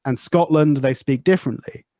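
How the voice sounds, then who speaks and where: A man's voice: medium pitch, normal speed, mellow. A man from England with an English accent, hosting a podcast in casual conversation and thinking aloud through examples. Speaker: podcast host.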